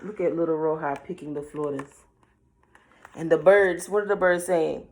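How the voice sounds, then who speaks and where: A woman's voice: deep voice, moderate pace. Woman reading a picture book aloud. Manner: playful, talks to the listener about the pictures. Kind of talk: read-aloud with chatty commentary.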